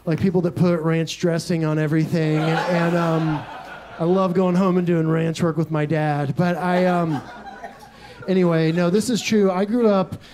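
A young man from Texas, his voice sitting high for a man, works a comedy club crowd with a stand-up set. He tells absurd stories in a deadpan way and drops quick asides between them. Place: comedy club stage with audience laughter.

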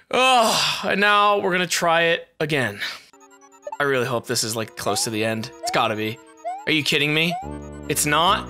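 A young woman giving live commentary on her gameplay, excitable and swearing often as she yells at the game. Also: mid-range voice. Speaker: gaming video host.

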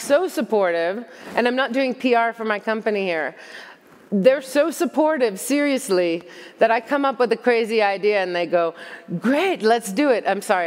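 A middle-aged woman from the United States giving a candid, self-mocking conference talk and answering audience questions. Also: a little high. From United States (Long Island). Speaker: conference speaker. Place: conference hall. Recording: long hall reverb.

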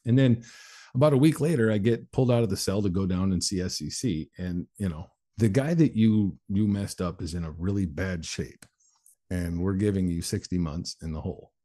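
A man's voice: low-pitched, normal speed, warm tone. A man in his forties, a guest on an interview show, telling his life story candidly and acting out other people's voices. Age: 40s. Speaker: guest, motivational speaker.

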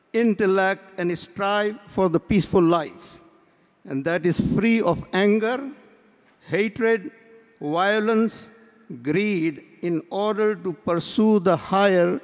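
Male convention speaker with a high voice, measured parable-telling, recorded in a big echoing hall. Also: darkish tone. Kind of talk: welcome speech at a convention. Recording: long hall reverb.

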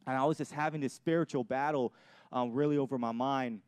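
A man's voice: medium pitch, fairly even intonation, a little fast, darkish tone, clean tone, dry recording. A young adult man pastor giving an earnest sermon with personal testimony, often repeating and restarting his phrases. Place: church.

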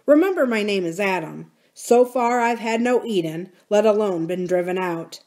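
A man's voice: high voice, lively intonation, normal speed, a little mellow. List: woman voicing an earnest young man, confiding, sincere, read aloud from a novel.

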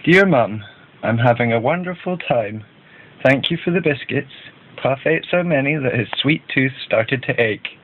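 A man's voice: mid-range voice, animated, measured pace, slightly rough. Chippy, a cheerful child writing home as a man reads. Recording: tinny phone-like band.

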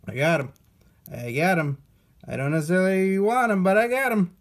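Jokey man with a lively voice. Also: sits high, moderate pace. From United States. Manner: jokey, playful asides. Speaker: toy unboxing host. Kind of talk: casual unboxing commentary.

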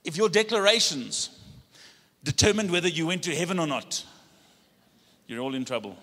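In a church sanctuary, a pastor preaches a rousing sermon and leads his congregation in call-and-response spoken declarations. His voice is fairly high and sing-song with a sharp tone, at normal speed with frequent pauses, and the hall gives a long reverb.

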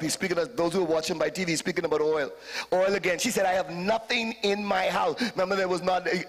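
A man preaching a live sermon as a bishop, calling out to the congregation with fervent, sudden shouted peaks. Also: sits high, big-room sound. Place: church hall with congregation.

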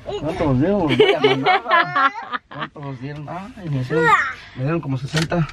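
A man's voice: high-pitched, sing-song, brisk. A man, the vlogger's father, joking and teasing casually outdoors. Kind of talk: casual chat. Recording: loud street and traffic noise.

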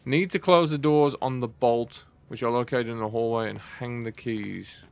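A man playing a horror game on video, thinking out loud, startling easily and swearing when scared, then thanking viewers. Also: medium pitch, fairly even intonation, normal speed, gravelly, a little hiss or hum. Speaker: let's play gamer.

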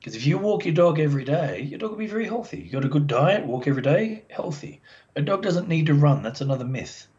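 A man, a dog behaviour expert, explaining as a podcast guest in a chatty, animated way and acting out the voices of dog owners. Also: a little high, fast talker. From Australia. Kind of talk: casual podcast interview. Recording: dull lo-fi sound.

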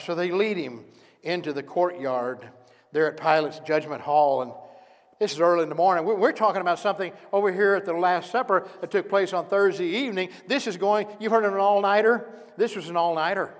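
High-voiced preacher in an echoey church. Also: male voice, a little fast. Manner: dramatic storytelling, acting out each character's words. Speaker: pastor. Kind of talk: sermon. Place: church sanctuary.

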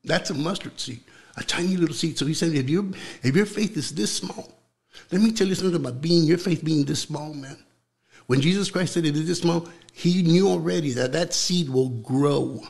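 A young man preaching with fervor in an interview, repeating words as he builds, then dropping to a hushed voice for prayer. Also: a little high, normal speed, creaky.

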